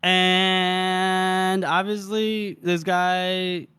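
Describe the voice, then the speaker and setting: A man's voice: high voice, completely flat delivery, extremely slow, pushed and bright, smooth. A man co-hosting a book podcast, retelling scenes in casual chat and acting out the characters' lines. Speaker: podcast co-host.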